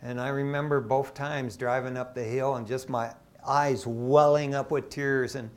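A middle-aged man from Michigan, an associate pastor, preaching a sermon in a casual, storytelling way with lively asides. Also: mid-range voice, moderate pace, hardly any pauses. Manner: conversational, animated storytelling with asides.

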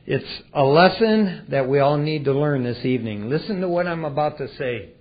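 Folksy, dynamic male preacher, higher voice. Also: expressive, normal speed. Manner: dynamic, swinging between loud and hushed, folksy. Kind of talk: sermon. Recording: dull lo-fi recording.

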